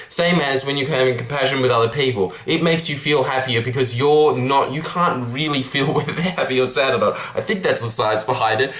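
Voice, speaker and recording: A man's voice: medium pitch, fairly bright tone. Earnest rambling young man, roomy sound. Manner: rambling, earnest, frequent restarts. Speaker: vlogger. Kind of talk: casual self-help monologue. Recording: roomy echo.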